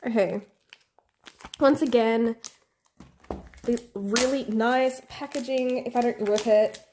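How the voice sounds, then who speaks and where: A young woman vlogger unboxing albums in a room at home, gasping and gushing, often dropping to breathy half-whispered squeals. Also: on the high side, steady tone, takes it slowly, background noise. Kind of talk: excited unboxing chat.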